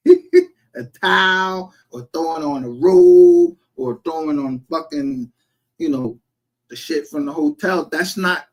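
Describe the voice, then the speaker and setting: A man's voice: on the high side, creaky. A man streaming a casual, profane rant, heated and defensive.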